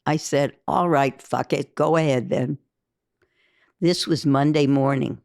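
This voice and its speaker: A woman's voice: low-pitched, fairly even intonation, a little slow, gravelly, darkish tone, dry recording, studio quality. A woman reading a first-person memoir aloud, with an intense, emphatic delivery that rises for heated quoted speech. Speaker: audiobook reader.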